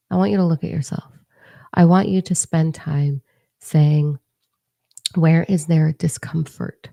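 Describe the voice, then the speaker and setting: Low, gravelly, blunt-talking woman. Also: dark tone, dry recording, clean studio sound. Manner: blunt, profane, emphatic. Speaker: spiritual coach. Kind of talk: candid motivational monologue to camera.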